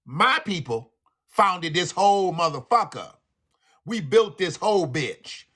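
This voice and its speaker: Animated, profane man hosting a livestream. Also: high-pitched, unhurried. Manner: profane, animated, laughing asides. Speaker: livestream host. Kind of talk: live commentary rant.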